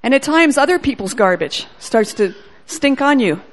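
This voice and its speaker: A middle-aged woman preaching a sermon, telling a story with animated delivery and speaking prayers aloud. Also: high voice, moderate pace.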